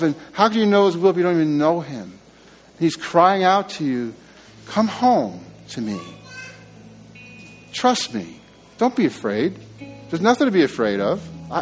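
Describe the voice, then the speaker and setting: High-voiced earnest male pastor preaching. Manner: earnest, conversational, with frequent restarts. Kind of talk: sermon. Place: church.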